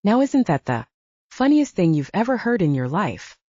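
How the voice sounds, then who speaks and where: A woman voicing a loud, jovial older male law partner with a booming, hearty manner, in a slightly muffled lo-fi recording. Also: very animated, normal speed, no room sound.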